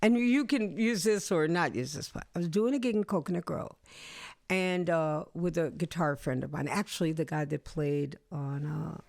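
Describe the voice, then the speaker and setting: A middle-aged woman musician, a guest in an interview, telling animated stories from her career and acting out the people in them. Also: sits low, normal speed, creaky, dry recording, clean studio sound. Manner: animated storyteller, acts out voices. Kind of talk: storytelling interview chat.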